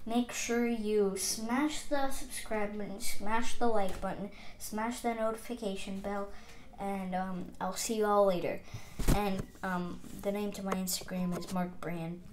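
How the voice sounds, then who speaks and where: A woman reading a children's comic book aloud, doing the sound effects and pausing with frequent ums. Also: mid-range voice, fairly even intonation. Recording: echoey room with faint background noise.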